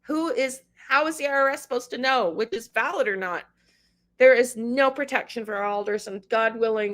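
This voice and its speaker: A woman's voice: fairly high pitch, moderate pace, fairly bright tone. A middle-aged woman hosting a livestream, crying and rambling as she talks to her viewers by name. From Canada. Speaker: tarot livestream host. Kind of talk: emotional livestream chat with viewers.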